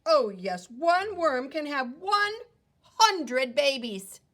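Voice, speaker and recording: A woman's voice: sits high, very animated, slow, fairly bright tone, voice pushed up, full character voice. A woman voicing a small, friendly male earthworm while reading a picture book aloud. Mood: cheerful.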